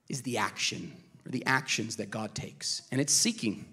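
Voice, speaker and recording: Husky, energetic man preaching a sermon. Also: medium pitch. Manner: energetic, emotional preaching with quick asides to the congregation. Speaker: pastor. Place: church service.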